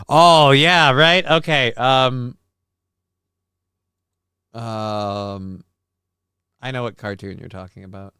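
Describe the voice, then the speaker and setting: A man's voice: medium pitch, steady tone, slow pace, long pauses, pushed and bright, clear, resonant tone, dry recording, studio quality. A man hosting a casual live-stream show, reacting with exclamations and reading chat comments aloud.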